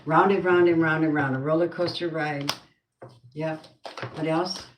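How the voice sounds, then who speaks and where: Lady doing a tarot reading, really low voice, blunt, muttery, echoey room w/ hiss behind. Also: steady tone, a little slow. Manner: blunt and earthy, muttering asides. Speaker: tarot card reader. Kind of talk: spoken tarot reading with prayer.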